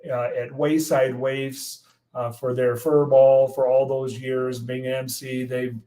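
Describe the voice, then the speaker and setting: A man in his sixties from the United States, a guest meteorologist telling animated stories in an interview and acting out the quotes. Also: medium pitch, slow pace, low-quality recording. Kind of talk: storytelling in an interview.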